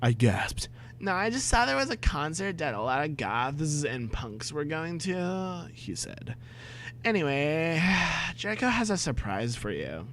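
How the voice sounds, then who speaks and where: A young man reading a badly written story aloud, breaking off for sarcastic, exasperated asides and shouted outbursts. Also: on the high side, very animated, unhurried, slight background noise. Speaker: comedic reader. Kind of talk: dramatic reading with mocking commentary.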